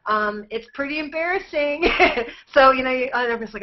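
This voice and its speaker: A woman recounts stories animatedly in a group call, often breaking into laughter. Her voice sits a little high. The audio is dull and lo-fi. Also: expressive, fairly quick, background noise.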